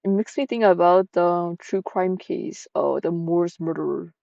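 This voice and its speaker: A woman's voice: on the low side, measured pace, gravelly, hardly any pauses, warm tone, no echo, muffled recording. A woman streamer giving casual, chatty commentary while reading a story game, giggling and swearing freely.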